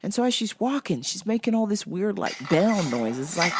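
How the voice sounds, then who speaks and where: A woman talks through customer stories from her job in a brash, profane way. Her voice is medium in pitch but swings widely as she acts out the scenes. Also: sing-song, normal speed, darkish tone, husky. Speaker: store worker telling stories. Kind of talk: casual comedic storytelling.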